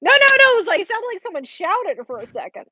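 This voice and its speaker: A woman playing in a live tabletop game, animated and stumbling over words. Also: very high voice, fast, muffled recording. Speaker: player. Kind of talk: casual tabletop play.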